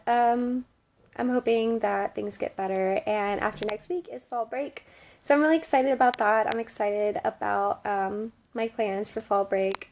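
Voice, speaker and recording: A woman's voice: medium pitch, a little mellow, a little hiss or hum. A young woman with a Southern American accent, chatting casually to camera in a study-abroad vlog, with lots of ums and giggles. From Southern United States. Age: young adult. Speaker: study abroad student vlogger.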